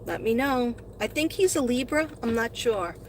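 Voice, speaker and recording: A woman's voice: on the high side, animated, moderate pace, noisy background. A middle-aged woman hosting a casual live stream from her car, talking to viewers in a rambling, chatty way and gushing when she thanks them. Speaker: live-stream host and astrology reader. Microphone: phone.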